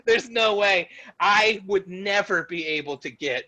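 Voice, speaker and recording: A man co-hosting a podcast in casual chat, excitable, laughing often and swearing casually. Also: sits high, measured pace, dry recording, rough recording. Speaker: podcast co-host.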